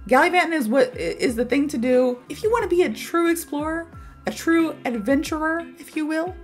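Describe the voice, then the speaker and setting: Lady in her 30s teaching english, chatty and animated, kinda high voice, faint music in the background. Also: fairly quick. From American South. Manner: chatty, animated storytelling with many fillers. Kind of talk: casual video lesson.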